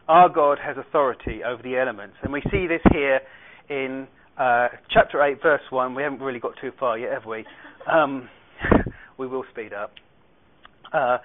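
A man's voice: mid-range voice, moderate pace, slight background noise. A man leading a Bible study, reading verses aloud and explaining them with light asides. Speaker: Bible teacher. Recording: tinny phone-like radio sound.

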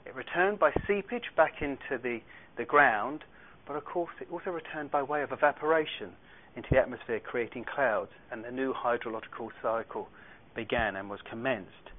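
Male Bible teacher, mid-pitched, explanatory reading style; thin phone-like recording. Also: normal speed, a little hiss or hum. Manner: explanatory, reads scripture aloud, light asides. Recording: tinny phone-like radio sound.

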